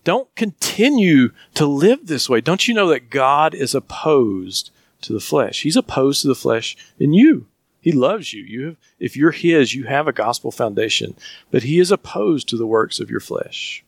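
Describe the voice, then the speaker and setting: A man's voice: medium pitch, sing-song, moderate pace, gravelly, no room sound, clean studio sound. A man with a Southern US accent preaching a sermon as a pastor, earnest and emphatic, often asking questions.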